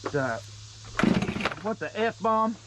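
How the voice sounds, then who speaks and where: A man's voice: high-pitched, big pitch swings, takes it slowly. A middle-aged man, a logger grumbling and cussing under his breath as he talks to the camera while working on a steep wooded hillside. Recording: outdoor noise, chainsaw and insects.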